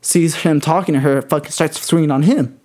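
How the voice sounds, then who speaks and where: Fast-talking profane man telling stories. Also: on the high side. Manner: profane, animated storyteller. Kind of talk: casual storytelling chat.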